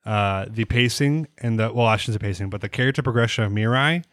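A man's voice: on the low side, quick pace, fairly bright tone, no room sound, studio quality. A man co-hosting an anime podcast, talking casually and rambling with lots of fillers and restarts. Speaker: podcast co-host. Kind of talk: casual anime review chat.

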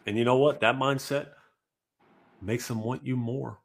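A man co-hosting a casual podcast chat, talking in a lively, opinionated way and often acting out the people he quotes. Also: mid-range voice, unhurried, vocal fry, long pauses. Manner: animated, acts out quoted voices. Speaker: podcast co-host.

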